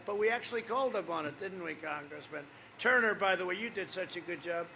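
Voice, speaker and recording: A man's voice: high-pitched, animated, brisk, few pauses, pushed and bright, a little hiss or hum. A man in his seventies giving a campaign rally speech, rambling and repetitive, with off-script asides to the crowd. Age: 70s. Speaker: political candidate.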